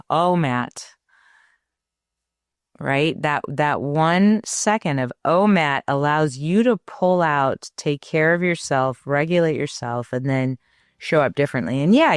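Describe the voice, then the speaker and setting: A woman co-hosting a parenting podcast speaks slowly and affirmingly. Her voice is smooth and clear. The recording is dry and close. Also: deep voice, dry recording. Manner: affirming, unhurried. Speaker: podcast co-host, parenting doctor. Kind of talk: warm conversational podcast talk.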